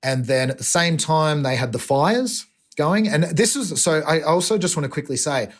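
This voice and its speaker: A man's voice: fairly high pitch, lively intonation, normal speed. An Australian man, an environmental activist, talking emotionally and earnestly in a podcast interview, often restarting his sentences.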